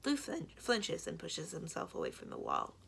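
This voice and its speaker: A woman, a children's librarian, reading a children's book aloud in steady first-person storytelling. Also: low-pitched, normal speed, creaky, breathy edge.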